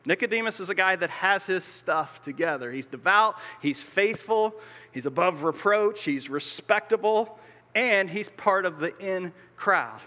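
A man's voice: high voice, lively intonation, a little slow, sharp tone. A man pastor preaching a sermon in a conversational, explanatory way, with joking asides. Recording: long reverb of a large hall.

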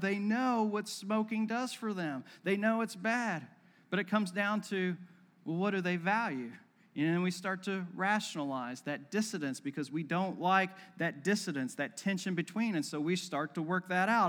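A male pastor delivering a sermon with a fairly high voice. He keeps it conversational, teasing his listeners and acting out little scenes. The sound rings with the long reverb of a hall. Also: normal speed, a bit bright.

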